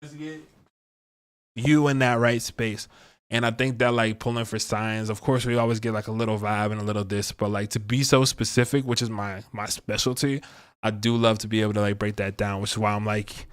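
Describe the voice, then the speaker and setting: A man's voice: lowish voice, little pitch movement, a little fast, clean tone. A man giving a casual livestream astrology and tarot reading, rambling and chatty with lots of slang.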